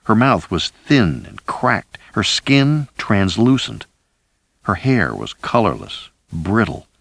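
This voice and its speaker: Man, audiobook narrator, measured dramatic reading, very dry close sound, unhurried. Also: lowish voice, big pitch swings, gravelly, fairly bright tone, husky, no room sound. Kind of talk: first-person thriller audiobook narration.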